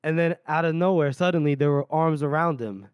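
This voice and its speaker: A man's voice: fairly high pitch, a little fast, a little mellow, clean tone, dry recording. Man retelling a book with laughter. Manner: laughs often while retelling, voices characters lightly. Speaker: podcast host. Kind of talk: casual book recap with read-aloud passages.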